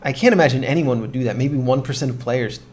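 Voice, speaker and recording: A man's voice: medium pitch, fast talker, darkish tone, slight background noise. A young man chatting casually on a gaming show, telling a long dream story with laughs and restarts. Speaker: co-host of a game podcast.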